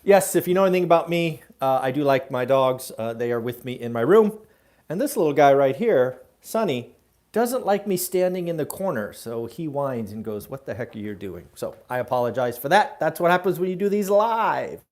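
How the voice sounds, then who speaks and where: A man's voice: fairly high pitch, lively intonation, moderate pace, darkish tone. A middle-aged man hosting a live daily real estate show from his room at home, giving direct, emphatic advice with frequent "uh" fillers. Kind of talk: live solo talk to camera.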